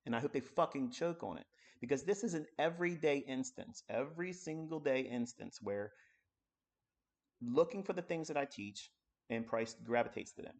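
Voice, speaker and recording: A man's voice: medium pitch, lively intonation, normal speed, a little mellow. A man giving a live-streamed trading lesson, talking bluntly and coarsely while working through charts at his computer. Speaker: trading educator.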